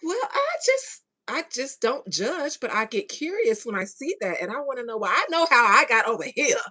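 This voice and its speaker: A woman hosting a podcast in a casual chat with listeners, laughing a lot and swinging between hushed asides and loud outbursts. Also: a little high, very animated, normal speed. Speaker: podcast host.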